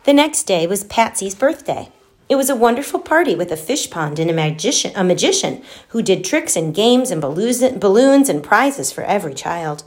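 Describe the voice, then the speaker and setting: A woman reading a children's storybook aloud, gentle and expressive, giving the children's lines their own voices. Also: medium pitch, normal speed.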